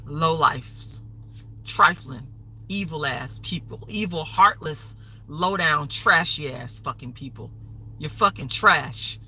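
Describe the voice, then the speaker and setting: A woman's voice: on the low side, pushed and bright, slightly rough, low-quality recording. Furious, profane woman ranting on a livestream. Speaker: livestream host. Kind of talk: angry livestream rant.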